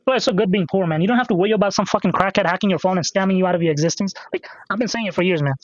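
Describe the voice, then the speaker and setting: A young man with a high voice chats loosely while gaming, swearing, joking and cutting himself off mid-thought. The recording is dry and a bit dull and lo-fi. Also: rapid-fire, no echo. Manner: rambling, profane, jokey, self-interrupting. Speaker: gaming podcast host. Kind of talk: casual rambling chat while playing.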